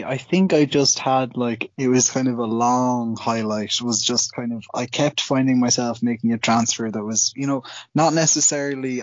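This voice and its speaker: A man's voice: mid-range voice, no room sound. A man with an Irish accent, a podcast guest chatting loosely and hedging with fillers. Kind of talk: casual chat. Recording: dry lo-fi line.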